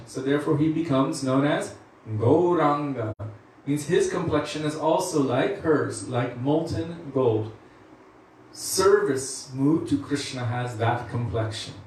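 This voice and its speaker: A man giving a devotional lecture, explaining and telling a story in measured, drawn-out phrases. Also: on the high side, slight background noise. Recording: echoey room from far off.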